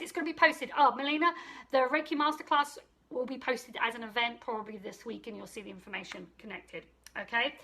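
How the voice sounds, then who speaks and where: A woman's voice: high-pitched, sharp tone. A middle-aged woman, a psychic medium, chatting casually on a live stream into her phone, greeting viewers and answering their comments aloud.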